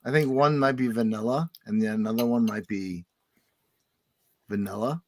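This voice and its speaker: A man hosting a casual podcast chat, making wry quick asides and reading out a bio. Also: fairly low pitch, steady tone, darkish tone, slight background noise. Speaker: podcast host.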